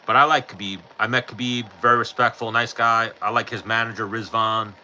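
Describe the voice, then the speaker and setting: Blunt, sharp-voiced New guy. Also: on the low side, fairly even intonation, a little fast, slight background noise, rough recording. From New York. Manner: blunt, profane, offhand. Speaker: podcast host answering live chat. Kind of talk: casual chat.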